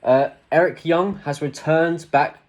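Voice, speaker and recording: Excitable man chatting wrestling. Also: fairly high pitch, measured pace. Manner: excitable, rambling fan talk with fillers. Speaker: podcast co-host. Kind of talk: casual wrestling podcast chat.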